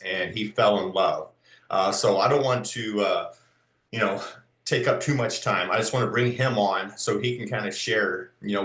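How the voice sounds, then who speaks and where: A man with a fairly low voice introduces a guest on a video call, casual and halting. His voice rings in a roomy, echoey space. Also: fairly bright tone.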